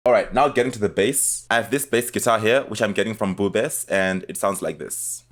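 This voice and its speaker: Low-voiced man explaining beat production. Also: brisk. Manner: relaxed step-by-step explaining, often trailing off before playing sounds. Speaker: music producer. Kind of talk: screen-recorded music production tutorial. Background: music playing between lines.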